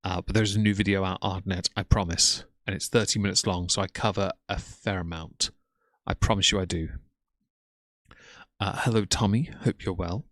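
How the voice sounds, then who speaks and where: Low, dry-voiced man mocking on a stream. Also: steady tone, normal speed, a bit bright, no echo. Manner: scornful, mocking running commentary. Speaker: commentary streamer reacting to a livestream. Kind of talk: live stream commentary.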